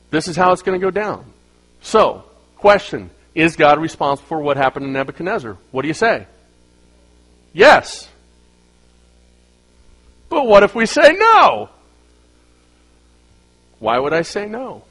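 A middle-aged man preaching a sermon, swinging between loud emphasis and quiet asides. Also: on the high side, low-quality recording. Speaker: pastor.

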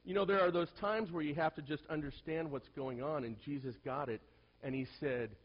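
A male pastor preaching to a congregation and telling personal stories, swinging from hushed asides to loud, animated bursts. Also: medium pitch, moderate pace, husky, dull audio. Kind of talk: sermon with personal storytelling.

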